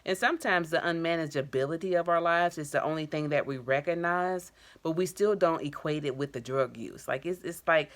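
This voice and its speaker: A woman with a notably low voice talks straight to camera like a personal vlog. She is middle-aged and tells her own story candidly, with casual slang and emotion close to the surface. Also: a little fast, hardly any pauses. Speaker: addiction counselor.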